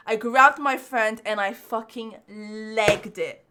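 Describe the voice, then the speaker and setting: A young woman, a podcast host, casually telling a story with lots of swearing and animated retellings. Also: a little high, takes it slowly.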